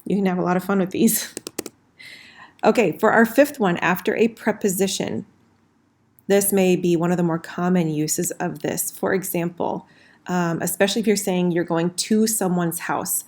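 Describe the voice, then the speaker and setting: Woman teacher, lowish voice, casual explainer, slows for examples, typing in the background. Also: fairly even intonation, a little mellow. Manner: friendly, slows down for example phrases. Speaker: French teacher. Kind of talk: casual recorded lesson at a whiteboard.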